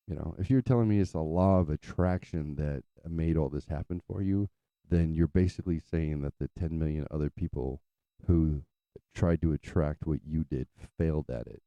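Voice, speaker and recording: A man talks in a very low, gravelly voice with a dark, heavy tone, rambling through a casual, profane story. His delivery is loose and full of fillers. The sound is dry and a little dull, like a lo-fi mic. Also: brisk, no echo. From California. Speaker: podcast host.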